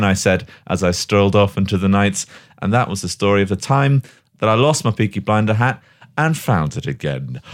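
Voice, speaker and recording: A young man telling a mock-dramatic comic story, animated and swearing. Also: fairly low pitch, moderate pace. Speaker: podcast host.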